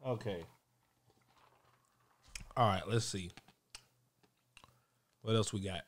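A man hosting a podcast in relaxed, joking casual chat. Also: on the low side. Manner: laid-back, joking, slow drawl. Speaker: podcast host.

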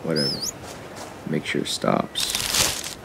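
A man's voice: slow pace, noisy background. A young man giving casual, rambling commentary while he plays, chatting to his viewers and to the animals in the game. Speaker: gaming YouTuber.

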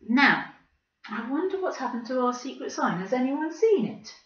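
A woman leading a children's church video for toddlers. She tells a story and runs games in a slow, exaggerated, coaxing presenter manner, recorded at home. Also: high-pitched, very animated. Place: living room at home. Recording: roomy, distant, slightly dull home recording.

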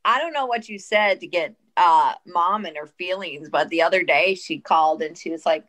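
A woman co-hosting a podcast who chats casually and candidly about recovery, with an expressive delivery and some swearing. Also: on the low side, brisk, hardly any pauses. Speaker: podcast co-host. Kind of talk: casual chat.

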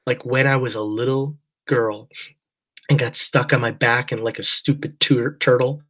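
Husky male narrator, mid pitch, quiet mournful first-person reading. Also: fairly even intonation, normal speed, poor audio. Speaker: audiobook narrator.

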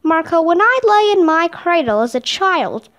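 A woman's voice: extremely high pitch, sing-song, moderate pace, a bit bright, full character voice. A woman voicing a kindly old genius. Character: warm kindly old male genius inventor.

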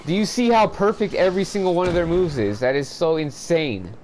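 A man's voice: fairly high pitch, a little fast, hardly any pauses, a little mellow, a little hiss or hum. A man giving profane, frustrated commentary over a game walkthrough, ranting at the players watching. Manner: frustrated, swearing, exasperated rants. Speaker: gameplay commentator.

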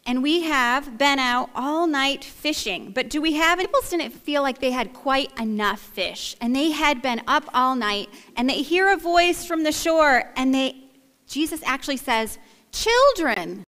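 A woman's voice: high-pitched, a little slow, a bit bright. A woman pastor leading a playful, interactive children's story, coaxing the kids to act it out. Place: church sanctuary. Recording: echoey church hall.

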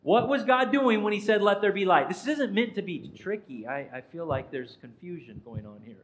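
A man's voice: high voice, expressive, moderate pace, poor audio. A man, a pastor, giving an interactive sermon in a church and quizzing the congregation by name in a playful way. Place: church sanctuary.

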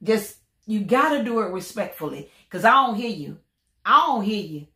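A woman's voice: medium pitch, big pitch swings, moderate pace, bright, forceful tone, roomy sound. A woman vlogging about her faith through illness, in some pain, talking in a repetitive, preachy way and chanting her sign-off lines. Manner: preachy, repetitive, sings out catchphrases. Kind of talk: casual faith-filled vlog chat.

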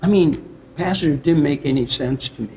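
A man, a pastor from the Upper Midwest of the US, earnestly telling his personal testimony in conversation, with reflective storytelling and soft chuckles. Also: fairly high pitch, fairly quick, a little hiss or hum.

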